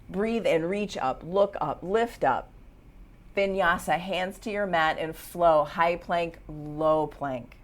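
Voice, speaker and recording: A woman leading a live yoga class, giving short rhythmic commands with encouraging asides. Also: fairly low pitch. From United States. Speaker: yoga teacher. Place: yoga studio.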